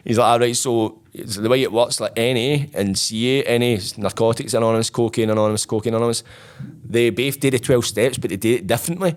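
Fast-talking sweary Scottish man. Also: medium pitch. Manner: rapid, sweary, animated retelling. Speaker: guest. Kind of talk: casual storytelling.

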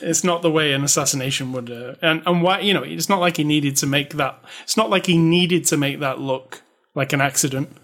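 A man's voice: on the high side, fairly quick, fairly bright tone. A man co-hosting a casual movie review chat, blunt and sarcastic, laughing often. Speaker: podcast co-host reviewing a movie.

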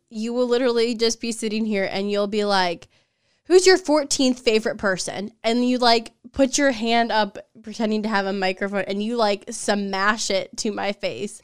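Animated young woman retelling stories. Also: on the high side, normal speed, clear, resonant tone, no room sound, studio quality. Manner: animated storyteller, quoting her partner, laughing often. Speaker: podcast co-host. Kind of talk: casual chat.

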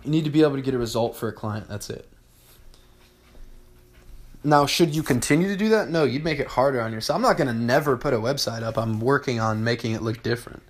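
A man hosting a solo podcast, talking bluntly and with profanity, repeating his points and often clearing his throat. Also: mid-range voice, fast talker. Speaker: podcast host.

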